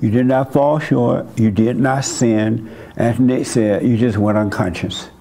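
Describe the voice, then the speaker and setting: Older man, gravelly, mellow, blunt folksy counsel, church host. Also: medium pitch, steady tone, measured pace. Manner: blunt, folksy spiritual advice with chuckles. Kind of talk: counseling a congregation member.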